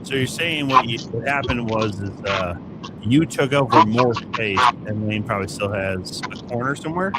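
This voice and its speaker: A man's voice: mid-range voice, lively intonation, moderate pace, heavy background noise. Teasing, sarcastic male podcast host. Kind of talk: casual chat.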